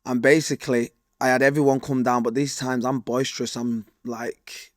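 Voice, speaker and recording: A young man in his twenties with a Manchester accent, talking candidly as a guest in animated street slang. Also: medium pitch, moderate pace, no echo. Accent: Manchester English. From Manchester, England. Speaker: guest, former fighter. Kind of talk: candid storytelling.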